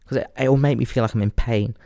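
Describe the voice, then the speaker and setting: A man's voice: medium pitch, fairly even intonation, fast, vocal fry, warm tone, no echo. A young English man hosting a podcast, talking in a crude, rambling comic monologue and laughing at his own jokes. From England. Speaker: podcast host. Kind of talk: casual comedic monologue.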